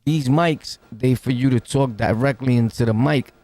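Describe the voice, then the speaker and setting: A man's voice: medium pitch, normal speed, a little mellow. A man with a New York accent reacting to clips in casual commentary, full of street slang and laughing asides, talking right up on the mic. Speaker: reaction streamer. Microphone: close to the mic.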